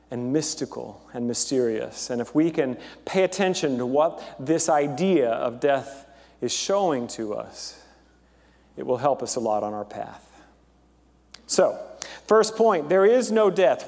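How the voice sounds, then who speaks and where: A man gives a relaxed, chatty sermon from the pulpit, slipping in fillers and telling jokes with animated energy. His voice sits a little high for a man. The sound rings with the long reverb of a large church hall. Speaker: pastor.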